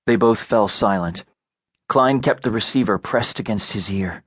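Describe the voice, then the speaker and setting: A male narrator reads a novel in a measured, even delivery. His voice sits fairly low, recorded on a close studio mic with a dry, dead sound. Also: no echo. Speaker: audiobook narrator. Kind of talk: scripted narration.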